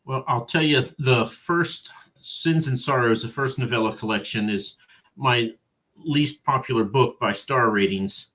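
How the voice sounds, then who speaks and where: A man co-hosting a podcast as an author, chatting casually and telling animated, self-deprecating stories. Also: mid-range voice, measured pace. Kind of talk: casual chat.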